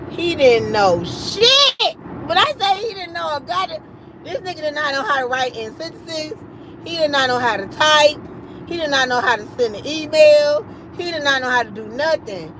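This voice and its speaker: High-voiced woman telling a story. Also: background noise. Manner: animated, profane, acts out quoted voices. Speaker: livestream host. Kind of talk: casual storytelling on a livestream.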